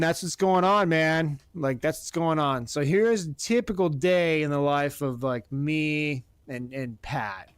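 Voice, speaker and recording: Profane, animated storyteller man, higher voice. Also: smooth, dry recording. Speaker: podcast host. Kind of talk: casual storytelling. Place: Oregon.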